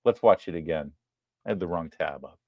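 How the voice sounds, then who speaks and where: A man hosting a live political commentary show, talking in a sarcastic, emphatic way with quick apologetic asides. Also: deep voice, no room sound, highs cut off. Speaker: host.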